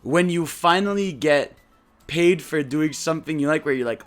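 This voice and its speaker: A young man hosting a casual podcast, excitable and swearing, with many fillers. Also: fairly high pitch, normal speed, soft background music. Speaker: podcast host.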